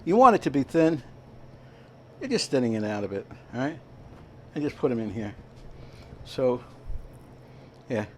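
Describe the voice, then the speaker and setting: A man's voice: mid-range voice, big pitch swings, normal speed, pauses often, a bit bright, slight background noise. A man hosting a casual home cooking demonstration in a kitchen, talking in a rambling way and checking in with "all right?" as he goes. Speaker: home cooking show host. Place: kitchen at a veterans' hall.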